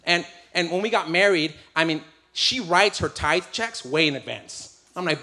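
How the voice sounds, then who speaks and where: A man with a slightly high voice preaches through a comic personal story. He is animated and self-mocking, often breaking into laughter as he talks. The delivery is quick, loose storytelling rather than formal preaching.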